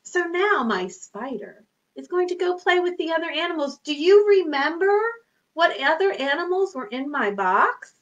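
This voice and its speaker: A woman's voice: very high-pitched, big pitch swings, moderate pace, fairly bright tone, muffled recording. A woman hosting a children's storytime, singing songs and talking to small children in a sing-song, exaggerated manner. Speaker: children's librarian.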